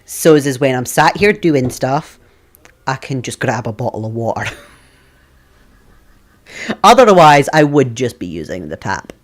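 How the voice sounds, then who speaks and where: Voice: medium pitch, very animated, measured pace, long pauses. A streamer chatting casually with viewers from a computer desk at home, laughing often between remarks. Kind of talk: casual live-stream chat.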